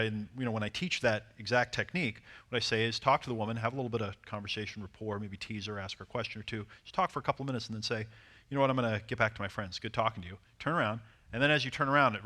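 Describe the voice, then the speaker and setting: A man coaching a seminar audience on dating, animated and acting out short bits of dialogue. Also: mid-range voice, rapid-fire, few pauses. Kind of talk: seminar talk to a live audience.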